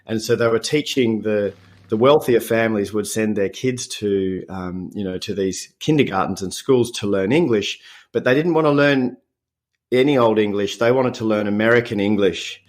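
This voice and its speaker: Australian man, 50s, slightly low voice, relaxed, chuckles, halting restarts, interview guest. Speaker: podcast guest. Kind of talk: casual interview chat.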